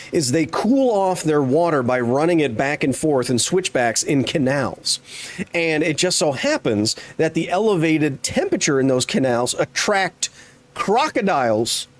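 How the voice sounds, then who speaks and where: A man in his thirties giving chatty, rambling live commentary while playing a game, with jokey asides to chat. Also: on the high side. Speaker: streamer.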